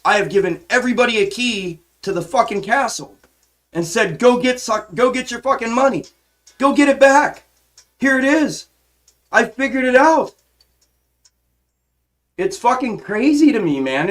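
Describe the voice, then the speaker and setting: Speaking into what sounds like a desk mic at home, a stock trading live streamer with a fairly high, slightly bright voice rants passionately. He swears freely, keeps restarting and repeating phrases, and circles back over the same exasperated points in this frustrated monologue.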